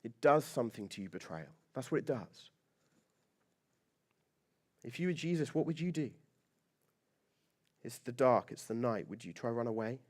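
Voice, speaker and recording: A man's voice: medium pitch, lively intonation, moderate pace, pauses often, darkish tone. A man preaching a sermon as pastor, conversational and joking, with lots of rhetorical questions.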